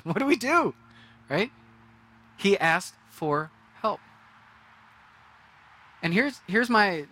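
Male pastor, conversational sermon, bright and slightly high voice. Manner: conversational, acts out quoted reactions.

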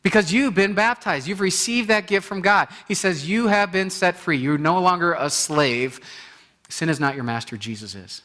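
A man preaching a sermon in an animated way, acting out inner voices and repeating phrases for emphasis. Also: fairly high pitch, a little fast. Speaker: pastor.

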